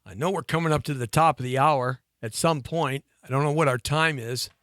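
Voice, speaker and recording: A man in his fifties telling a long personal story on a talk show, lively and chatty, laughing between lines and often restarting his sentences. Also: medium pitch, brisk, no room sound, studio quality. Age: 50s.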